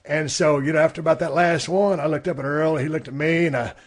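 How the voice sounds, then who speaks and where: A man's voice: a little high, fairly even intonation, fast. A middle-aged man hosting a podcast, telling a laid-back, profane story with plenty of fillers. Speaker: podcast host. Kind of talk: casual storytelling.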